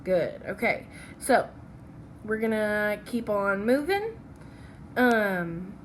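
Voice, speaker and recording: A woman's voice: mid-range voice, expressive, takes it slowly, pauses often, a little hiss or hum. A woman teaching a phonics lesson from slides. She is patient and checks in with "okay?" after each step.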